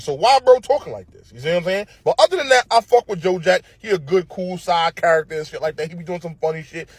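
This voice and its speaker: Husky slangy dude ranting, swings his pitch all over, super dry close mic. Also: no echo. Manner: profane, animated, slangy and opinionated. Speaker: show commentator. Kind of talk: casual commentary rant.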